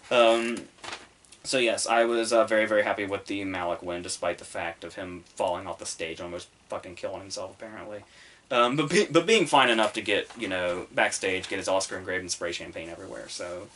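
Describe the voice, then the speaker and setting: Rambling, profane low-voiced man. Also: a bit bright, slight background noise. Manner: rambling and profane, heavy on fillers. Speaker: podcast host reviewing the Oscars. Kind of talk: casual solo commentary.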